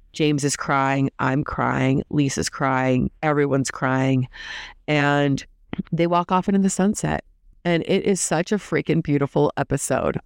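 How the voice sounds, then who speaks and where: An opinionated recap host rattles through a reality show episode, tossing in snarky asides and quick restarts. The voice has a steady fry running through it. The sound is dry and up close, with no room echo. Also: medium pitch. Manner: chatty, opinionated, fast bursts with restarts; mocking asides and quoted imitations of cast. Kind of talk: casual gossipy episode recap.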